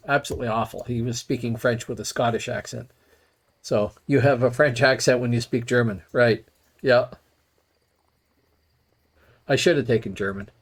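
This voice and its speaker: A middle-aged man casually telling rambling, wry stories while playing a game on a live stream. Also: medium pitch. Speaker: gaming streamer.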